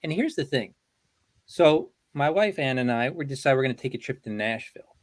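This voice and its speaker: A middle-aged man telling a relaxed, chatty anecdote on a video call, full of "you know". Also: mid-range voice, brisk, dry recording. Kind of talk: casual storytelling.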